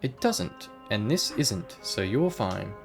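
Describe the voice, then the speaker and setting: A man's voice: lowish voice, sing-song, slow, vocal fry, music in the background, full character voice. A man voicing a prim late-middle-aged woman librarian who speaks sweetly but sharply and calls people dearie, while reading game dialogue aloud. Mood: sugary.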